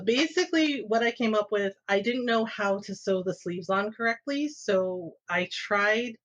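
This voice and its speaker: A woman's voice: medium pitch, dull audio. A woman guest on a podcast, telling personal anecdotes in a casual way and laughing often as she talks. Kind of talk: casual storytelling.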